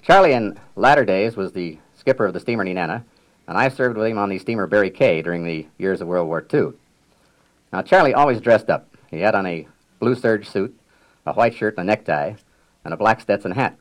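An older man with a somewhat low voice tells stories from his years as a riverboat captain. He speaks in a measured, unhurried way, with a dry sense of humor. He clears his throat often between his thoughts. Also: expressive, rough recording. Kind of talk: reminiscing public talk.

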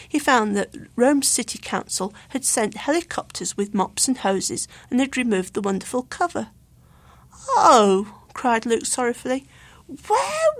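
A woman reading a children's storybook aloud with clear, expressive narration. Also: fairly high pitch, no echo.

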